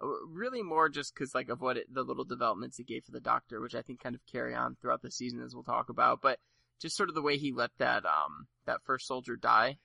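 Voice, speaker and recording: Creaky, bright-voiced male podcast host. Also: medium pitch, fast talker, no room sound. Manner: rambling, filler-heavy, laughs easily. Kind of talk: casual chat.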